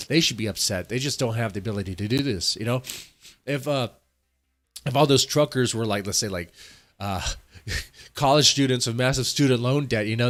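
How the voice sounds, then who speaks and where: Rambling stuffy-nosed male streamer. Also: mid-range voice. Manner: rambling, repeats himself, talks to his chat. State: congested from allergies. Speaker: live streamer. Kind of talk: casual live-stream reaction commentary.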